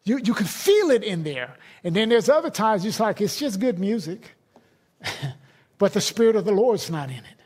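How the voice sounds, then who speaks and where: A man's voice: sits high, sing-song, moderate pace, a little mellow, breathy edge. A middle-aged man, a pastor, preaching a sermon in a conversational, emphatic way with personal stories.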